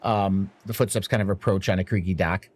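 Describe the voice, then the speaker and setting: A man narrating as dungeon master, pausing and restarting often as he describes the scene. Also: low-pitched, fairly even intonation, dry recording. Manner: halting, many restarts and fillers. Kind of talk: narrating a tabletop game.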